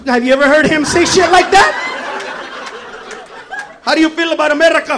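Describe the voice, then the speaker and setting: A man's voice: very high-pitched, expressive, moderate pace, a crowd in the background, background noise. A man doing a profane stand-up routine, ranting, laughing mid-line and dropping in Spanish phrases. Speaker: stand-up comedian. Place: comedy club stage.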